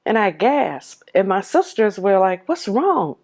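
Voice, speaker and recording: A woman's voice: mid-range voice, expressive, measured pace, darkish tone. A woman telling her life story to the camera, heartfelt and vivid, replaying old conversations as dialogue. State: tearful at moments.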